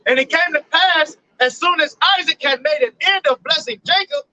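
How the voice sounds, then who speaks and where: A man's voice: extremely high pitch, moderate pace, bright, forceful tone, dry recording, poor audio. A man reading scripture aloud steadily, now and then affirming the teacher. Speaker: scripture reader.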